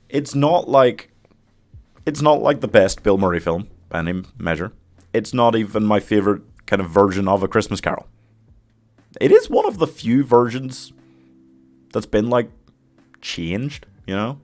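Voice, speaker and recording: A man's voice: low-pitched, a little mellow. A man hosting a live stream, chatting casually, giving opinions and reading viewer comments aloud, laughing often. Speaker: streamer host ranking films.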